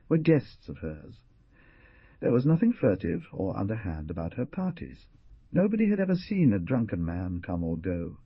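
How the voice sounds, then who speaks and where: Male narrator, low and husky, dramatic delivery, dry dull recording. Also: no room sound. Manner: dramatic, lively reading. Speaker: audiobook narrator. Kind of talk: scripted narration.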